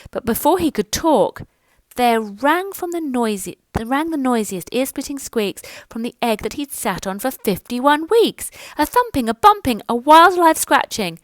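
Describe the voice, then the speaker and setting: A woman reading a children's picture book aloud in a lively, sing-song rhyming manner. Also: a little high, no room sound, low-quality recording. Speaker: storyteller.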